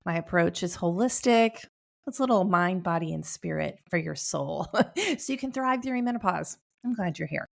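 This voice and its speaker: Creaky-voiced upbeat middle-aged woman host. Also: fairly low pitch, expressive, moderate pace. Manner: upbeat, chatty, laughs often. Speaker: podcast host. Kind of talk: casual wellness talk. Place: home room with bookshelf.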